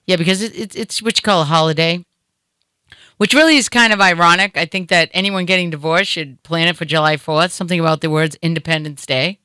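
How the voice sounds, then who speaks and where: Middle-aged woman host with a Boston accent, bright and smooth, chatty and jokey, dry studio sound. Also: lowish voice, a little fast, no echo. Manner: chatty, joking, rambling with fillers. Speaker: radio show host. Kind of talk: casual comedic chat.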